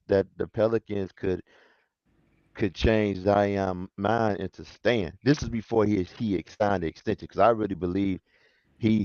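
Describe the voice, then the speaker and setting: A man with a low, gravelly voice talks basketball in easy slang, tossing in fam and bro. His mic sounds dull and lo-fi, dry with no room echo. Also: dark tone. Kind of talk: casual basketball chat.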